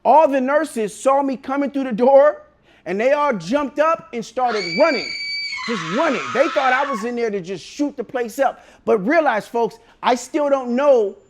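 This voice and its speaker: High-voiced man telling a wild story. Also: normal speed, background noise. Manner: animated, swearing, bursts into shouts. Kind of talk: casual comic storytelling.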